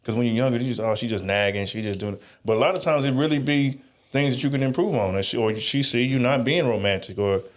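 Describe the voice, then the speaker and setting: A man's voice: medium pitch, fairly even intonation, quick pace. A man co-hosting a podcast, talking in rambling, emphatic runs with frequent restarts and asides. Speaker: podcast co-host. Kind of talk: casual podcast chat.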